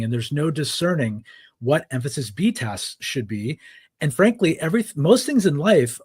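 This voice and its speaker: A man's voice: on the high side, sing-song, normal speed, darkish tone, husky, dry recording. A man, a podcast guest and author, explaining ideas in a conversational interview, often checking in with "right?". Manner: explains frameworks with many "right?" tags.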